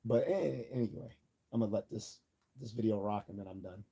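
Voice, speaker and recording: A man's voice: fairly low pitch, a little fast, creaky, mellow, husky. A man hosting a livestream, talking casually and rambling, with many fillers, restarts and small chuckles. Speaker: livestream host.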